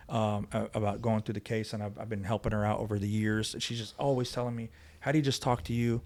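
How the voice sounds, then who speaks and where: A man speaking quickly and with a low voice, recounting events with emphasis and acting out the lines of the people in the story. He sounds like a guest in a podcast studio, close to the microphone. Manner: fast, emphatic retelling, acting out quoted voices. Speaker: guest, former police officer. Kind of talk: conversational storytelling.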